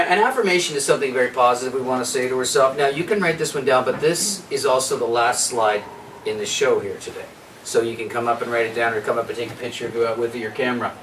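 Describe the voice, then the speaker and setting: A man giving a health workshop, talking lively and asking the audience questions. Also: medium pitch, slight background noise. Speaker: workshop presenter. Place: workshop room. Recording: echoey room, distant mic.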